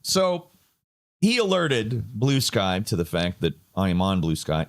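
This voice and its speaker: Low-voiced man rambling sardonically. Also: animated, unhurried. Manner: sardonic, meandering, frequent fillers. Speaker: online commentator. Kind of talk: casual rambling commentary.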